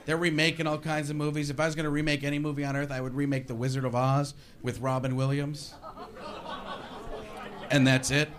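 A man doing a stand-up routine, riffing fast and manically and jumping into impressions, on a comedy club stage. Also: fairly high pitch, little pitch movement, fairly bright tone, a faint crowd. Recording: noisy live stand-up recording.

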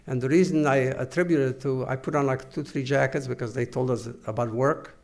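An older man giving oral history testimony to an interviewer, halting and earnest, with many pauses and restarts. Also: mid-range voice, steady tone, vocal fry. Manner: measured, earnest recounting.

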